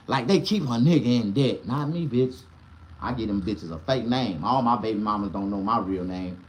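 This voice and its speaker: A man vlogging from a car, ranting casually and profanely, swinging between loud outbursts and low muttering. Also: moderate pace, slightly rough. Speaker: vlogger and barber. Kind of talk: casual live-stream rant.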